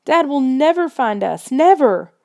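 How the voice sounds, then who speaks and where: A woman voicing a frightened young girl lost in a snowstorm, shouting shrilly in panic. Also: high voice, big pitch swings, a little slow, voice pushed up, heavily acted. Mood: panicked.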